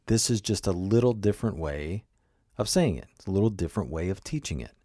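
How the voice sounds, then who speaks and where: Earnest low-voiced male coach. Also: lively intonation, fairly quick, mellow, no echo, clean studio sound. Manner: earnest, repetitive, asks the listener questions. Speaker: teacher. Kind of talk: coaching talk on emotional regulation.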